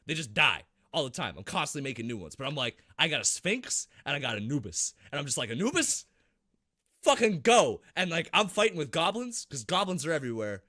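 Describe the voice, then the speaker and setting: A man's voice: on the high side, sing-song, fast, hardly any pauses, sharp tone. A man co-hosting a gaming podcast in casual chat, telling game stories animatedly, acting out moments and swearing freely. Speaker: podcast co-host.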